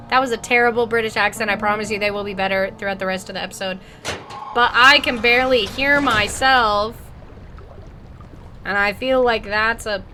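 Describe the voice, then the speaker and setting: Bright, chatty woman gamer. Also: fairly high pitch. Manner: chatty, rambling, joking. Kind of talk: horror game let's play commentary.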